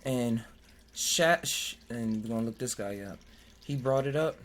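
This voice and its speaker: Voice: medium pitch, a little slow. A podcast host in casual chat who jokes, laughs often, and stumbles over hard words while reading aloud from web pages.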